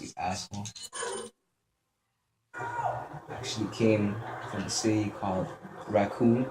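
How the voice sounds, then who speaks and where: Cursing young gamer, low echoey voice. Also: male voice. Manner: profane, joking, talks back at enemies. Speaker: gameplay commentator. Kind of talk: let's play commentary. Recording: echoey room with steady noise.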